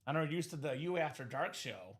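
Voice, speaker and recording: A man hosting a live sports memorabilia break stream, hyping items with energetic, joking sales patter in a streaming studio. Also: on the high side, fast talker. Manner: energetic hype, jokey, fillers. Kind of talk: upbeat sales patter and banter.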